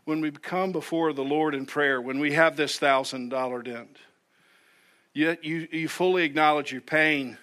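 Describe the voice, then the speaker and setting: Male pastor, sermon read, bright and forceful, slightly high voice, earnest, restarts his phrases. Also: fairly even intonation, moderate pace. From United States. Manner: earnest, repeats words when starting sentences.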